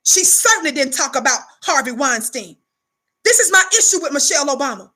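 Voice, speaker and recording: Forceful high-voiced preachy woman. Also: big pitch swings, a little fast. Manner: preachy, indignant, call-and-response. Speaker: commentator. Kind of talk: impassioned political commentary.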